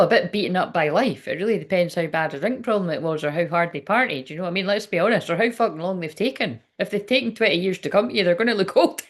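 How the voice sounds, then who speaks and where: A woman giving a casual tarot reading, chatty and frank, swearing often and laughing as she talks. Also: fairly low pitch. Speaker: tarot reader.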